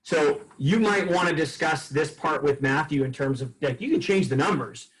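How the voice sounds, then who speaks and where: Male sales trainer, somewhat high voice, casual storyteller who acts out customer exchanges. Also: moderate pace, rough recording. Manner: casual, lively storytelling with acted-out dialogue.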